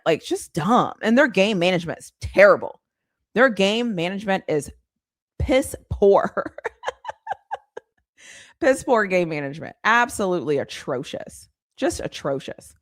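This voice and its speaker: A woman hosts a casual live sports chat on a stream, her medium-pitched voice sing-song and unhurried. The sound is clean studio audio with no room sound. She chats casually, rants in exasperation, and laughs often.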